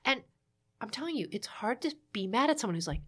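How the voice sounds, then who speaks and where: A woman telling a story in relaxed podcast conversation. She talks with quick asides and plays out quoted lines as she goes. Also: on the high side, slightly rough. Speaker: guest telling a marriage story. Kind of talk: casual podcast chat.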